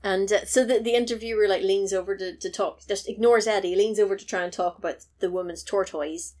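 A woman's voice: medium pitch, fairly even intonation, brisk, darkish tone. A woman, co-hosting a casual podcast and animatedly retelling a film's plot, swearing freely and slipping into character voices. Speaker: podcast co-host. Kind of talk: casual film recap chat.

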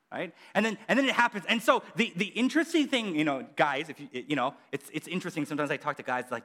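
A man preaching a casual sermon, chatty and animated, acting out quotes with lots of fillers. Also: on the high side, fast talker, few pauses.

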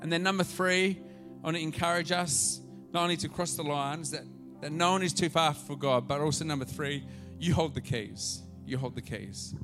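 Male pastor, fairly high voice, storytelling sermon that swings from soft to loud, faint music under it. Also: normal speed, hardly any pauses.

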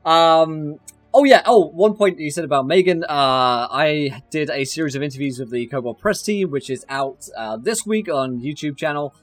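A man hosting a stream wrap-up, excitable and swearing freely. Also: fairly high pitch, normal speed, few pauses, no echo, faint music behind. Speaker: stream host.

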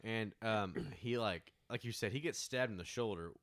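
A man's voice: on the low side, normal speed, no room sound, studio quality. A middle-aged man chatting casually about a film with friends, acting out scenes and laughing often. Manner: animated, acts out scenes with laughs. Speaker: podcast co-host. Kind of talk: casual movie review chat.

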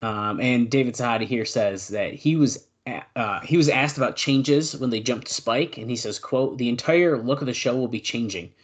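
A male podcast co-host in casual chat, reading out old news notes and adding quick asides. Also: medium pitch.

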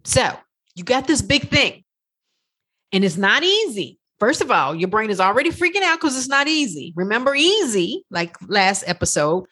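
Woman life coach, husky and higher-pitched, lively swooping delivery, swears freely while acting out her inner voice. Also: moderate pace. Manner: animated, profane, acts out her inner voice. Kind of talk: podcast monologue.

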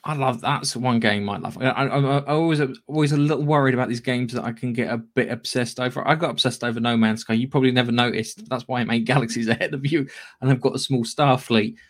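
A man's voice: medium pitch, fairly even intonation, quick pace. A man co-hosting a casual gaming news podcast, chatty and rambling, with casual swearing. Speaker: podcast co-host.

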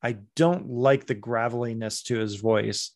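A man talking casually on a podcast, animated and critical, sometimes slipping into mimicry. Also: mid-range voice, a little slow. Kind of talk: casual chat.

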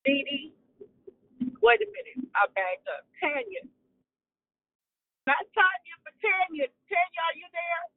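A woman's voice: very high voice, very animated, a little slow, pauses often, no echo. A woman calling in to a prayer call, giving a fervent, tearful testimony and repeating her thanks. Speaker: caller sharing in a prayer call. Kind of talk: emotional testimony. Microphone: phone. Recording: tinny phone line.

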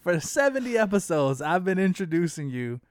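A man's voice: high voice, big pitch swings, moderate pace, clear, resonant tone, no room sound, studio quality. A man hosting a podcast, teasing his co-host in a laid-back, casual chat with some swearing. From United States.

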